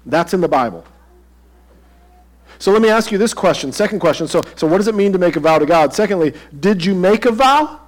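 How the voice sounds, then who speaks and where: A man's voice: high-pitched, animated, fairly quick. A pastor preaching a sermon to his congregation in a conversational way, asking them direct questions.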